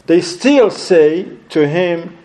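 A man giving a religious lesson, telling anecdotes in an animated way, with loose grammar and Arabic phrases sprinkled in. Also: high-pitched, very slow, low-quality recording. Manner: loosely structured, non-standard English grammar. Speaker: religious teacher.

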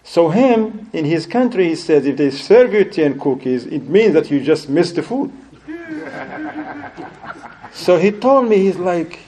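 A male religious teacher tells a story to his class in a lively, animated way. His voice sits a little high but sounds mellow and warm. His English is loosely put together and sprinkled with Arabic phrases. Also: measured pace, slight background noise, rough recording. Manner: loosely structured, non-standard English grammar. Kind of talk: anecdotal lesson to a class.

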